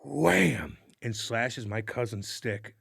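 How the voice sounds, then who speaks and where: A man co-hosting a podcast, telling stories in casual chat, swearing a lot and acting out what people said with loud bursts. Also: medium pitch, slow pace, gravelly, husky, no echo, clean studio sound. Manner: animated storyteller, acts out quotes loudly, swears often. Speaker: podcast co-host.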